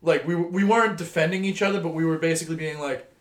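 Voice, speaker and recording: A man's voice: a little high, fast. A man co-hosting a casual podcast, telling a heated, profane story about an argument with friends. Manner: heated, swearing rant storytelling. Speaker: podcast co-host. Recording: roomy echo.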